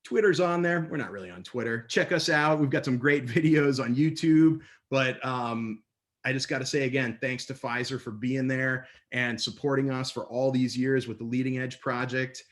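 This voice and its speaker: A man speaking over a video call from home, upbeat and playful as he presents to an online audience. He tells stories and slips into quick voices when he quotes people, at a middling pitch. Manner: lively, playful storyteller with quick put-on voices for others. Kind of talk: energetic online talk. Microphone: computer mic on a video call.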